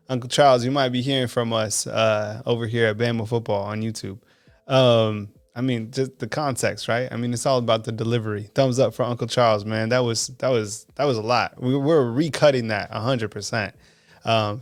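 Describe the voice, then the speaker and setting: A man's voice: medium pitch, no room sound. Amused male host on a dry mic. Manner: loose, amused, full of fillers. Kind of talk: call-in show hosting.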